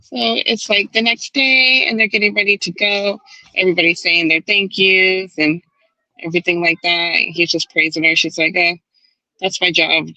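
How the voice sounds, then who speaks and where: A woman hosting a book club discussion on a stream, retelling scenes with animated acted-out lines and casual swearing. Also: lowish voice, normal speed, no echo, lo-fi sound. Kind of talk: casual chat. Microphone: online stream setup.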